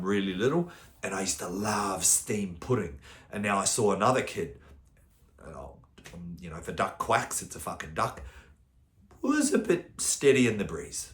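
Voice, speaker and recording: A man gives a motivational talk as a mental performance coach. His voice sits fairly low. He tells casual stories, drops the odd swear word, and the room around him echoes. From New Zealand. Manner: casual storytelling, occasional swearing.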